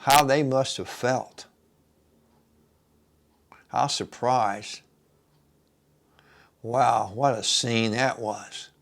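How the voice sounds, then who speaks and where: A man's voice: mid-range voice, extremely slow, gravelly, pauses often. A man leading an informal kitchen Bible study, retelling scripture in plain, folksy words with asides to his listeners.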